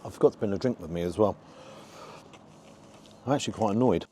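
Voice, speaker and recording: Low, mellow-voiced man reviewing food. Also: fast, a little hiss or hum. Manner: frank, disappointed running commentary while tasting. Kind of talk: casual food review vlog. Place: outdoors.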